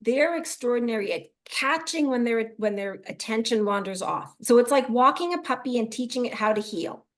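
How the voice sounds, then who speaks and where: Animated woman coaching in conversation. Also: fairly high pitch, moderate pace, few pauses. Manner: animated, acts out inner thoughts in quoted voices. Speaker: mental performance coach. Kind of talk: casual interview conversation.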